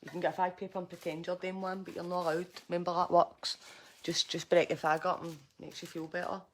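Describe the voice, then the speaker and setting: A woman's voice: fairly low pitch, flat delivery, fast. A middle-aged Scottish woman telling a profane, agitated story to camera in a personal vlog. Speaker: vlogger.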